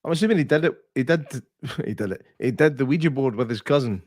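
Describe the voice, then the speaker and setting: A man's voice: medium pitch, lively intonation, fast, a little mellow, no echo. Teasing man on a dry mic. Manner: friendly, teasing, with stammering restarts. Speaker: podcast co-host. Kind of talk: casual chat.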